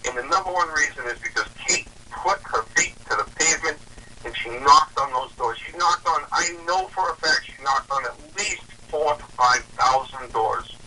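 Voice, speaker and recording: A man's voice: a little high, moderate pace, sharp tone, distant mic, a little hiss or hum, low-quality recording. A man from Massachusetts, a guest talking politics in an earnest, persuasive way. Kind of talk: political discussion.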